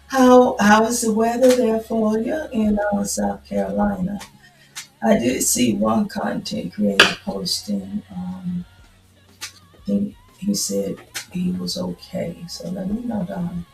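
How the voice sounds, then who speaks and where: A woman's voice: fairly low pitch, slow pace, gravelly, roomy sound, faint music behind, low-quality recording. A woman in her fifties chatting casually on a livestream, greeting viewers by name. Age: 50s. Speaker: livestream host.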